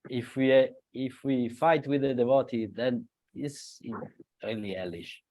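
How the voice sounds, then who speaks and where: A man from Italy with an Italian accent, speaking earnestly at a devotional gathering, halting and laughing a little as he restarts. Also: medium pitch, a little mellow, no room sound. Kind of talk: devotional talk on a video call.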